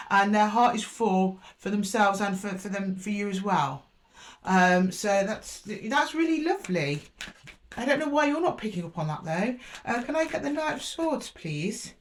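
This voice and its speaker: A woman giving a casual tarot reading, thinking aloud, repeating card names as she draws them and correcting herself with fillers. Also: mid-range voice. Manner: chatty and reassuring with frequent fillers and self-corrections. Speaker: tarot reader.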